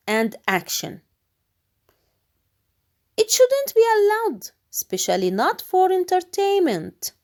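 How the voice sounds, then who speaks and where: A woman teaching English vocabulary to middle schoolers in a recorded lesson. She says each word slowly and carefully, repeating it, and her voice sits in a middle pitch. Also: a little mellow. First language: Arabic. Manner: slow, drawn-out repetition of each word, switching into Arabic to explain.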